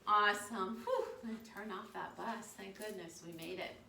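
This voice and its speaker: A woman's voice: mid-range voice, steady tone, brisk, creaky. A woman leading a children's yoga storytime, playful and encouraging as she guides a child through poses. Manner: encouraging, playful, upbeat with kids. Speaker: kids yoga teacher and storyteller. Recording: echoey room, distant mic, faint background noise.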